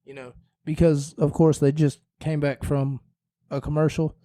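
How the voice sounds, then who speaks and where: Solo podcast host, man, a little hoarse, rambling and jokey; mellow, slightly high voice, dry close sound. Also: flat delivery, normal speed, no echo. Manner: rambling, self-correcting, jokey. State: slightly hoarse, losing his voice.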